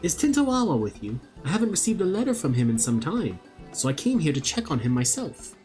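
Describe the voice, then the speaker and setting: Scolding worried young woman from a game, high and shrill, a guy putting her on, faint music behind. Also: sing-song, fairly quick, dark tone. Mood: relieved, eager. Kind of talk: reading game dialogue aloud.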